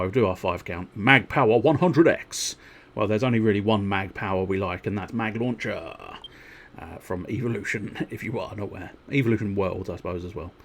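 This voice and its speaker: A man's voice: low voice, slight background noise. A man streaming a video game, rambling in casual commentary with wry, chuckling asides.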